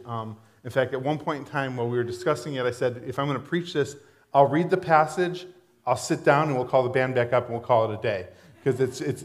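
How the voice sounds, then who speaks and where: A man who serves as associate pastor, giving a conversational sermon in a church with fillers and restarts. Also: fairly high pitch.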